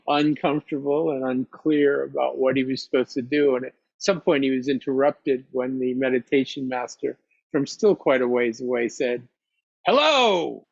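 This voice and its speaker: A male meditation teacher telling a teaching story in an unhurried, reflective way. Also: medium pitch, dry recording. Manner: unhurried, reflective, with soft laughs. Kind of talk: storytelling dharma talk. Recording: dry, slightly dull recording.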